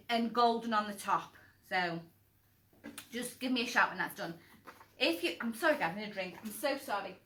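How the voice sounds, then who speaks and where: Woman, live children's cooking class host, bright forceful voice, chatty and encouraging, echoey room. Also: on the high side. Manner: chatty, encouraging, self-deprecating, calls out children by name. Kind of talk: live-streamed kids' craft and cooking session.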